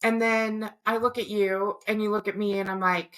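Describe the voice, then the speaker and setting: A woman's voice: mid-range voice, little pitch movement, normal speed, hardly any pauses, fairly bright tone. Woman podcast co-host, casual and profane storyteller, mid-range voice. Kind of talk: casual chat, recounting a dream.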